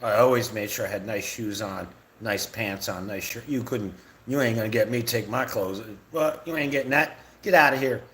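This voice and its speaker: A man's voice: fairly low pitch, normal speed, hardly any pauses, fairly bright tone, slight background noise. A middle-aged man on a live stream, ranting with lots of repetition and swearing. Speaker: livestreamer ranting about realtors.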